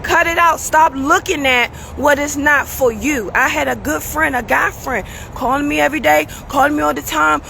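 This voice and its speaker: A woman with a high, gravelly voice that sounds strained and tired, preaching casually to her viewers. Her tone is bright and forceful, and she keeps checking in with her listeners as she pushes through her talk. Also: fairly even intonation, moderate pace, hardly any pauses, a little hiss or hum. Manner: preachy, casual, keeps asking "you understand?". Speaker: show host.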